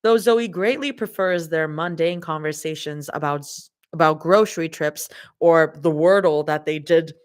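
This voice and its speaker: A woman's voice: low-pitched, normal speed, hardly any pauses. A woman doing a casual live reading of fanfiction, dropping in her own laughing asides. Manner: casual, laughs and swears between passages. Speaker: fanfiction reader.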